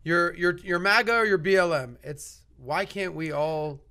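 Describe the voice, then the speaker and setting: A man's voice: high voice, measured pace, bright, forceful tone. A man co-hosting a casual podcast discussion, speaking emphatically and repeating words as he builds his point. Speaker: podcast co-host.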